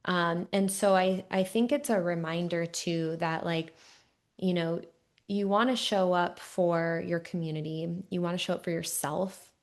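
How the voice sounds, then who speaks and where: Podcast host, young woman, lowish voice, reflective and chatty. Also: steady tone, unhurried. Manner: thoughtful, reflective, uses many fillers. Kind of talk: interview conversation.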